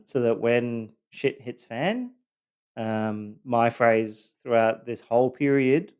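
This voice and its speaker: A man's voice: medium pitch, darkish tone, clear, resonant tone. A man hosting a podcast, telling his own story in a loosely scripted monologue, earnest and hesitant with many fillers and repeated words.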